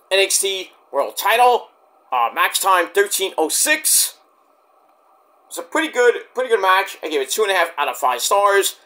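A man's voice: high-pitched, pushed and bright. A man casually reviewing a wrestling show in a rambling, filler-heavy way, saying he is dead tired.

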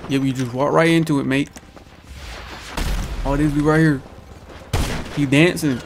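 Over a noisy backdrop of game gunfire and explosions, a young gaming YouTuber talks through his play in a fairly high, creaky, steady voice at a measured pace. He trash-talks constantly, hitting opponents with the same repeated taunts.

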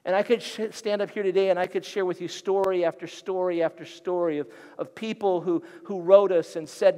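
Middle-aged guy pastor preaching, tells stories, lively, higher voice, echo hanging in a big church. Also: fast, few pauses, clean tone. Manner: animated, vivid storyteller. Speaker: guest pastor. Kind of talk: storytelling sermon. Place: church sanctuary. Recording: long hall reverb.

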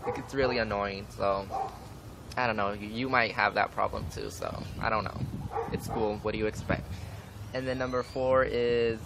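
This young man's voice is fairly low and creaky, with fairly even intonation at a normal speed. He's ranting casually for a vlog outdoors in the wind, traffic audible, cursing frequently and using plenty of "like" as filler.

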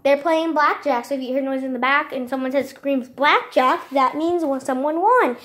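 A young woman with a notably high voice chats straight to camera as she walks through her family home. She is bubbly and dramatic, calling her viewers "guys" and playing up every little mishap. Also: brisk. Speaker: vlogger giving a house tour. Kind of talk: casual chat to camera.

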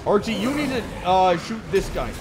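A young man giving joking, excitable let's play commentary, talking back to the game characters. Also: sits high, moderate pace, background noise. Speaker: gaming YouTuber.

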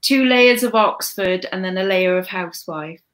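A woman's voice: mid-range voice, moderate pace, a bit bright. Chatty woman with a slight Welsh lilt. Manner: chatty, self-deprecating, trails off and restarts. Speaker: co-host. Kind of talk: casual chat.

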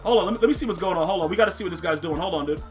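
A man streaming a football video game, excitable and trash-talking, shouting at plays and chatting with his viewers. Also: high voice, racing, faint music behind. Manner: chats with viewers while playing. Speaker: gaming streamer. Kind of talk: live gameplay commentary.

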